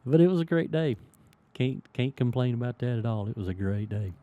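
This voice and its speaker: A man's voice: mid-range voice, a little fast, no room sound, highs cut off. A middle-aged man hosting a casual chat, telling a long story and acting out the voices of the people in it. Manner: lively storyteller who acts out quoted voices. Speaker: podcast host and sticker shop owner.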